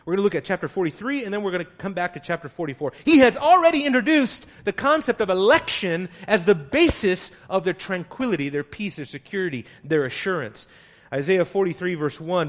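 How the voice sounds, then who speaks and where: A man preaching an expository sermon, emphatic and rising to loud exclamations as he reads scripture. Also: high-pitched, animated, a little fast.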